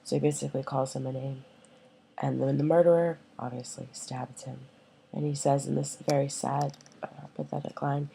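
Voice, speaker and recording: A woman teacher walks her class through a scene in a recorded lecture, pausing on fillers and asking "okay?" to check they follow. Her voice sits low and gravelly, mellow in tone, with a faint hiss behind it. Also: level tone, low-quality recording. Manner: explanatory, with many fillers and checks for understanding.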